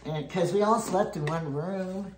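Low-voiced older woman, rambling. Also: measured pace. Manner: rambling storyteller, chuckling often. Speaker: home cook vlogger. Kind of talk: casual chat while baking. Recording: echoey room, faint noise.

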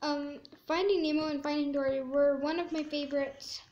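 A woman giving chatty gameplay commentary, squeamish and quick to exclaim in disgust. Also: high voice, steady tone, darkish tone, dull audio. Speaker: gaming video creator.

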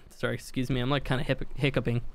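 In a dry recording, a young man talks fast in a mid-range, level voice as he hosts a live game stream. He keeps the chat casual while gaming, reading out viewer comments and laughing easily.

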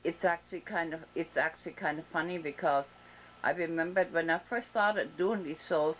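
Over a video call, a German-accented woman hosts a laid-back interview show, speaking slowly and deliberately with lots of fillers and restarts. Her voice sits low, and the low-quality recording carries a slight hiss or hum.

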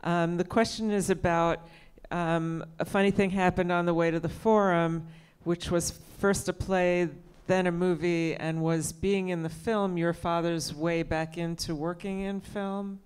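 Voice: medium pitch, flat delivery, measured pace, hardly any pauses, smooth. A moderator hosting an audience Q&A, politely reading out questions.

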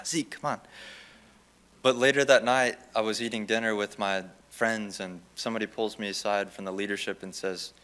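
A young man giving a chapel testimony as a student, telling his story in an animated way and acting out the lines of the people in it. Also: fairly low pitch. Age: young adult. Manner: animated, acts out quoted dialogue.

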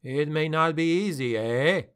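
A man's voice: a little high, a little slow, fairly bright tone, clear, resonant tone. A man playing a fussy foreign sea captain. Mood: protesting. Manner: pleading, apologetic, fussy. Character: excitable foreign male ship captain.

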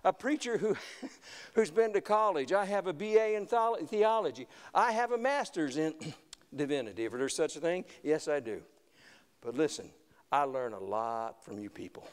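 A male pastor preaching a sermon, moving between loud emphatic lines and quiet asides, and reading scripture slowly. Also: fairly high pitch, expressive. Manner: reads scripture slowly in old-fashioned wording. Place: church sanctuary. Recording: long church hall reverb.

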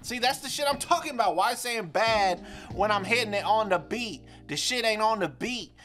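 A man's voice: sits high, expressive, moderate pace, sharp tone, faint music behind. A young man streaming a rhythm game, frustrated and trash-talking with lots of swearing. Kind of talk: live gameplay commentary.

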